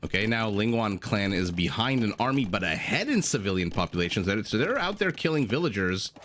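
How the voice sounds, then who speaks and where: A man with a lowish voice casts a strategy game live, breaking off from the action to chat with viewers. Noise sits clearly behind him. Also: big pitch swings, a little fast, fairly bright tone. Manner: chatty, reads and answers chat between play calls. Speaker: game commentator. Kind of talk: live-stream game commentary. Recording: audible background noise.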